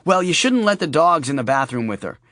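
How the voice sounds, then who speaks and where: A man's voice: fairly high pitch, very animated, fairly quick, a bit bright, no echo, clean studio sound, pitched above the performer's own voice. A man voicing a brash, swearing sister. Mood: blunt. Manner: brusque, teasing and swearing. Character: blunt brash adult woman, sister.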